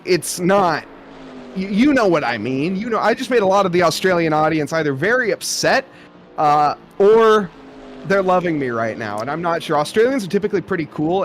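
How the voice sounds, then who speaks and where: A man's voice: fairly high pitch, slight background noise. A young man doing live sim racing commentary, rambling in a jokey, self-aware way.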